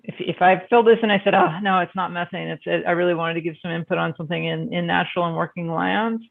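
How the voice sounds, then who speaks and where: A man presenting a spreadsheet survey on a video call, halting with many fillers and restarts. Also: high-pitched. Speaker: meeting presenter. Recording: phone-like band-limited video call audio.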